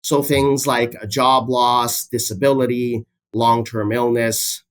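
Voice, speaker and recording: A man, a business professor explaining his ideas as a podcast guest in a steady way, citing many figures. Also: medium pitch, takes it slowly. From Canada. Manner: steady, fact-heavy, cites statistics, repeats key phrases.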